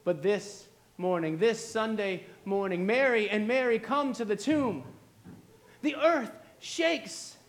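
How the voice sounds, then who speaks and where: A man's voice: high voice, takes it slowly. A man preaching a sermon, retelling a story dramatically with repeated refrains. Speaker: pastor.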